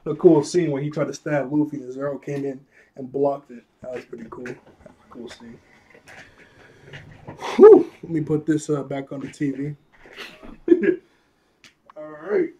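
A man casually recapping an anime episode, animated, laughing often, and acting out quotes in a raised voice, a bit out of breath. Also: medium pitch, measured pace, pauses often, a little hiss or hum. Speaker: anime reviewer.

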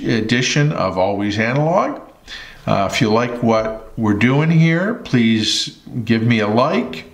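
Slow, low-voiced man reviewing calmly. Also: vocal fry, reverberant. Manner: unhurried, thoughtful, many fillers. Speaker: host. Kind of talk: product review vlog.

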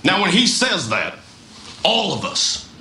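A scheming, conspiratorial senator played by a man in a comedy sketch. He talks in a fairly high, lively voice and keeps giggling as he persuades. It is a replayed clip with echo and background noise. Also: slow pace, heavily acted. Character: scheming male senator rallying colleagues. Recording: sketch replayed in an echoey, noisy room.

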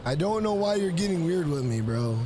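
A man's voice: a little high, lively intonation, fairly quick, noisy background. A man live-streaming a video game, chatting casually with his viewers, thanking them by name and calling them "bro" again and again. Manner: talks straight to chat, repeats "bro" often.

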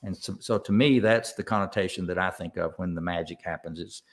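An older man speaks with a warm East Tennessee drawl, his voice sitting a bit low. He takes his time, reflecting thoughtfully as a guest in a relaxed interview. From Southern United States. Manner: slow, reflective storytelling. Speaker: guest songwriter. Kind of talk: casual interview.

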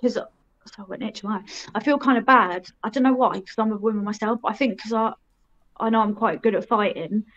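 A woman's voice: medium pitch, brisk, fairly bright tone, muffled recording. A young woman telling her own story in a frank, rambling way and laughing at herself. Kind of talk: casual storytelling.

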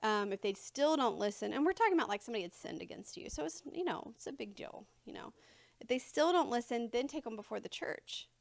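Chatty woman preacher, slightly high voice. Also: very animated, quick pace, vocal fry, no room sound. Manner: chatty and informal, laughing between points. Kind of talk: conversational sermon. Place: church sanctuary before a congregation.

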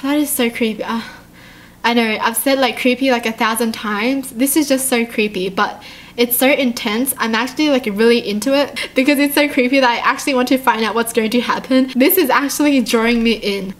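A young woman reacting to a horror game with excitable commentary, nervous laughter and gasps. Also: on the high side, fairly quick. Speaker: channel host.

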